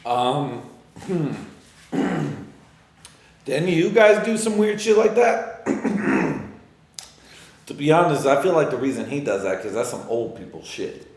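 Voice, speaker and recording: A man hosting a podcast, rambling through a casual, profane solo monologue that swings from loud excitement to low muttering. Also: a little slow, pauses often, reverberant. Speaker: podcast host.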